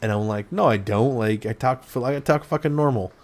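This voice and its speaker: A man's voice: medium pitch, a little fast. Casual swearing man hosting a chat. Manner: loose, swears freely, lots of fillers. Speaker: podcast host. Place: home room.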